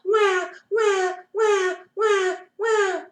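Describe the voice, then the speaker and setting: A woman's voice: extremely high pitch, steady tone, extremely slow, reverberant, pitched above the performer's own voice, heavily acted. A woman voicing a newborn baby girl, wailing over and over in a storybook reading. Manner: loud repeated wailing.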